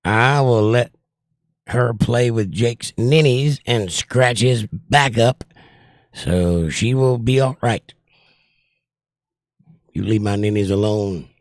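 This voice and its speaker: A man with a gravelly, creaky voice hosts a relaxed livestream chat, reading out comments and joking along. He sounds strained and winded as he talks. The sound is close and dry, with no room around it. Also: mid-range voice, takes it slowly, pauses often, no room sound. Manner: reads viewer comments aloud and jokes back. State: short of breath, voice strained. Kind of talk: casual chat.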